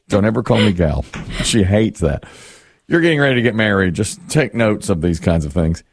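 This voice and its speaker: A middle-aged man chats casually on a talk show, rambling through a wry story about his own household. He laughs at himself often, and his pitch rises and falls a lot as he goes. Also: animated, moderate pace, no room sound. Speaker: radio show host. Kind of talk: casual chat.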